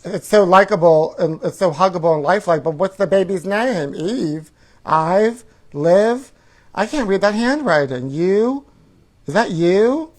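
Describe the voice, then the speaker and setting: A man's voice: sits high, animated, a little slow. A man hosts a comedy show and reads out tabloid stories. He is catty and sassy and keeps calling his listener honey between gasps of mock outrage. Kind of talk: campy comedic reading of tabloid headlines.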